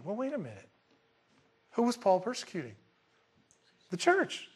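A man preaching a verse-by-verse Bible sermon in an animated, colloquial way, with emphatic bursts. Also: sits high, moderate pace, pauses often, breathy edge. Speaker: pastor.

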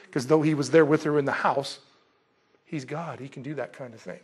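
A man preaching an expository sermon in a conversational, animated way, acting out the scenes he describes. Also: medium pitch, fairly quick, husky. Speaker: pastor.

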